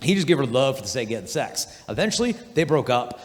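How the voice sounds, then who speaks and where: Animated man speaking in a big reverberant hall. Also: mid-range voice, quick pace. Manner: animated storytelling, acts out quoted voices. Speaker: conference speaker. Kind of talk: energetic youth conference talk. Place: large hall.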